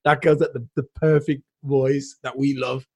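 An English podcast host rambles through a casual chat, tacking "man" onto his sentences again and again. His husky, darkish voice sits at medium pitch with little movement, at a moderate pace.

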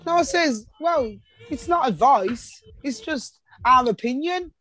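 A woman's voice: sits high, lively intonation, unhurried, fairly bright tone, soft background music. Teasing, laughing woman podcast host. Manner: laughing, teasing, fillers like "um" and "you know what I mean". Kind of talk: casual chat.

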